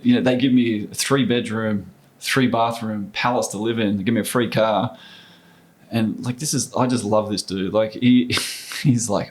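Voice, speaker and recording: Animated man telling stories. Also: on the low side, normal speed. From Australia. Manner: animated storyteller, acts out quoted voices. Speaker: podcast guest, former basketball player. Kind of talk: casual storytelling interview.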